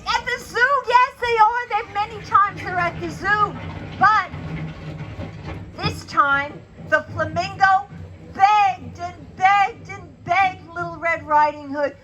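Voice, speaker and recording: A woman's voice: very high-pitched, takes it slowly, pushed and bright, slight background noise, rough recording. A woman telling a children's story, asking her young listeners questions as she goes.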